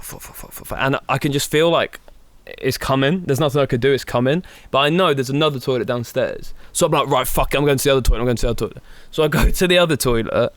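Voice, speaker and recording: A young man co-hosting a podcast, telling a long story in an animated way, swearing a lot and acting out his own panic. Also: medium pitch, dry recording. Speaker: podcast co-host. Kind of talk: casual storytelling.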